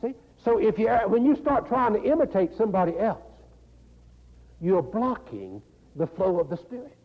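Older male pastor, North Carolina accent, folksy sermon style; high, lively pitch, raspy gravel, lo-fi hall sound. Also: normal speed. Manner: folksy, laughing, animated preaching with repeated "you know". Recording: dull lo-fi recording in a reverberant hall.

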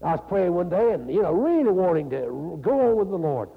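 Gravelly North Carolina preacher with lively pitch. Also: male voice, fairly quick. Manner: folksy, laughing, animated preaching with repeated "you know". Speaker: pastor. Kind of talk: sermon. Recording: dull lo-fi recording in a reverberant hall.

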